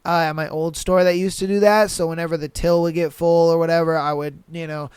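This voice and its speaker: Slangy, animated podcast host, dry close sound. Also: mid-range voice, fairly quick, smooth, no echo. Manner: animated, swears freely, acts out customers; loose slangy talk with many fillers. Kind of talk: casual commentary on reader posts.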